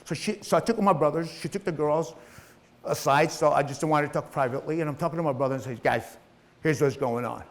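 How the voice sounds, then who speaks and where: Brief: middle-aged male entrepreneur, somewhat high voice, raw profane motivational storytelling. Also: a little fast. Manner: emotional, profane, acts out voices in his story. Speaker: entrepreneur telling his life story.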